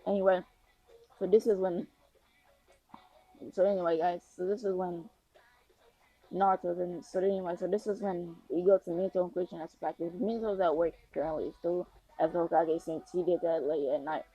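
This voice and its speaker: A woman's voice: lowish voice, fairly even intonation, normal speed, pauses often, warm tone, breathy edge, rough recording. A woman casually improvising a fan story, rambling with lots of fillers and restarts.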